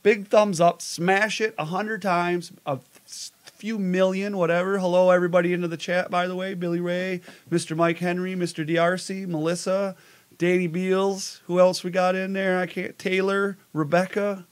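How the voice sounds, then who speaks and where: A man's voice: high-pitched, little pitch movement, moderate pace. A man hosting a live show in casual chat, upbeat and talkative as he greets viewers. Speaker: host.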